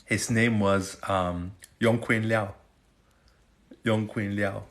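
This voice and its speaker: Give me a slow, low-pitched man from Germany, hosting a casual live chat and fumbling new phrases. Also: fairly even intonation, slight background noise. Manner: halting, trying out Chinese phrases, fillers and self-correction. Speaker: livestream host.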